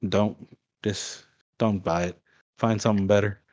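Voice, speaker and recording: A man's voice: fairly low pitch, steady tone, unhurried, darkish tone. A man in casual podcast chat, bluntly complaining about a video game. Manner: blunt, complaining gamer talk.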